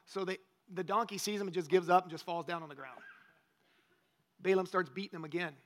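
A man's voice: high voice, a bit bright. A male pastor preaching a conversational sermon, often asking the congregation questions.

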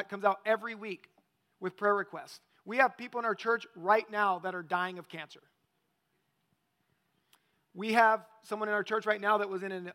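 A man's voice: high voice, pushed and bright. A male pastor preaching a conversational sermon, often asking the congregation questions.

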